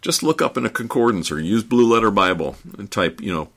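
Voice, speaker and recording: Man, preacher, sermon, low pitch, earnest, repeats words. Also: sing-song, creaky, a bit bright. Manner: earnest, halting, repeats words as he builds points.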